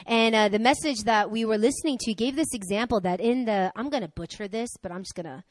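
A young woman preaching a sermon, conversational and energetic, swinging from loud exhortation to quiet asides. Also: on the high side, dry recording.

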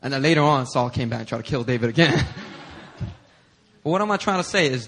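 A male pastor preaching a sermon in a church, telling stories in an animated, conversational way. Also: a little high, a little fast, husky. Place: church sanctuary.

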